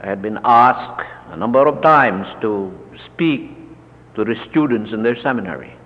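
A man, a Lutheran church leader, slowly recounting a personal story in a measured talk full of pauses. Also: fairly low pitch, lively intonation. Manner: slow, measured, with many pauses and fillers. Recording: dull, lo-fi recording with long reverb.

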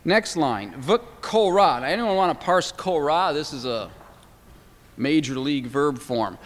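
A man lecturing to a class, his voice sitting a little higher than most men's. He talks with eager enthusiasm, stops on fillers and restarts words as he thinks aloud. A long reverb trails after his words in the room. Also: expressive, measured pace. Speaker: teacher.

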